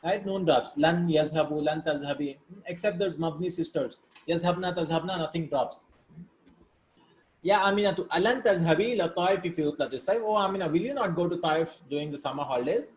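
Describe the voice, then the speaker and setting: A man's voice: on the high side, fairly quick. Man teaching Arabic in an echoey room. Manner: explains step by step, asks "right?" between points; reads Arabic words and glosses them in English. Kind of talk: recorded language lesson. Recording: echoey room with faint background hiss.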